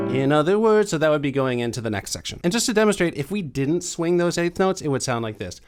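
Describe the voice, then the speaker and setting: A young adult man teaching a piano lesson, explaining chords in a relaxed way and counting beats aloud. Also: a little high, quick pace, hardly any pauses. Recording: piano playing under the voice. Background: piano playing.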